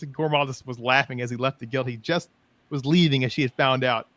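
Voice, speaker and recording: A man hosting a podcast, telling animated stories in casual chat and acting out quotes. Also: a little high, fast, dry recording. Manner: animated, laughing, acts out quotes. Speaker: podcast host.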